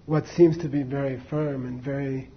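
Male teacher, husky, chatty storyteller with asides, dull recording. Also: mid-range voice, fairly even intonation, normal speed. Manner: conversational, many fillers and asides to the audience. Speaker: Buddhist teacher. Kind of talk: casual dharma talk, storytelling.

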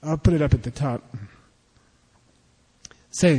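With lively intonation, normal speed and a warm, slightly high voice, a male language teacher patiently repeats syllables for his students to echo in a pronunciation drill. The recording has long hall reverb.

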